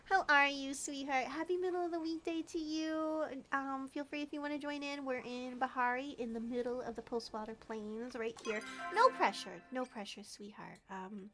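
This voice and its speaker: A young woman livestreaming a cozy game, talking sweetly and gushing to her chat, with soft laughs and frequent throat clearing. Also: sits high, steady tone, normal speed, few pauses, faint music behind. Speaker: streamer. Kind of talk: casual gameplay livestream chat. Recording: faint background noise.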